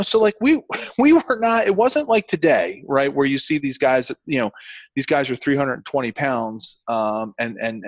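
A man in his fifties from Pennsylvania, a former pro football lineman telling stories in a casual interview, rambling and long-winded with many restarts and excited leaps in pitch. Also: no echo. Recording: muffled, dry sound.

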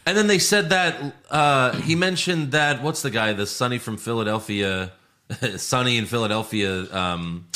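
A man's voice: medium pitch, normal speed, pushed and bright. A man co-hosting a podcast, chatting casually and joking as he runs through news items. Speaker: podcast co-host. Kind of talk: casual chat.

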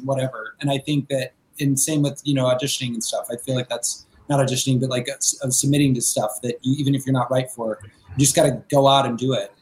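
A male podcast co-host from the Midwestern US who talks in loose, rambling sentences and keeps rephrasing himself. His voice has a mid-range pitch, and the room adds a noticeable echo around it. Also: fairly even intonation, fast, a little mellow. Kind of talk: casual podcast chat. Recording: roomy echo.

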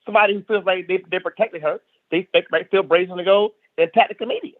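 This guest on a casual podcast is a stand-up comic from South Carolina who rants emphatically and keeps repeating phrases. He speaks high, with a steady tone and a quick pace. The sound is dry and thin, like a phone line.

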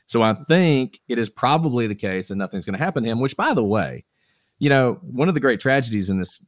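A man giving measured legal analysis on a podcast panel, thinking aloud with small restarts. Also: medium pitch, expressive, dry recording, studio quality. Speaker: attorney guest.

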